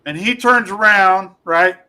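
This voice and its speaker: A man with a high, bright voice, chatting as a comedian guest on a podcast. He rambles through his stories with plenty of fillers and restarts, laughing along as he goes. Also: unhurried, poor audio. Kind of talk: casual podcast chat, telling funny stories.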